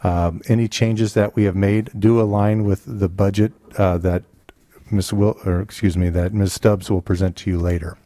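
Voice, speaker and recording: Low, mellow-voiced man presenting a report. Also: fairly even intonation, dry recording. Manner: halting, with many restarts and fillers. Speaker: school district administrator. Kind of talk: presenting a report at a board meeting. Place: school board meeting room.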